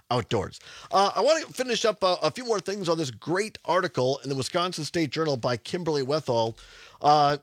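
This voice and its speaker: A man's voice: fairly high pitch, fairly bright tone, no room sound, clean studio sound. A man hosting a radio talk show, chatty and rambling, laughing often. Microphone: studio microphone.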